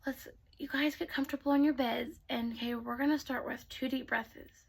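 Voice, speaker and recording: A woman telling bedtime stories to children in a soft voice that often drops to a whisper. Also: sits high, fairly even intonation, normal speed, vocal fry, slightly rough. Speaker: storyteller. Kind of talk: bedtime storytelling.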